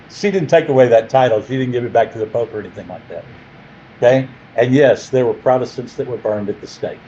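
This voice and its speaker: A man lecturing a class, playful and animated, stopping to quiz the room. His voice sits at a middling pitch. The recording is a little muffled, with a faint hiss. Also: fairly quick. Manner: jokey, animated, quizzes the class. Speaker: teacher.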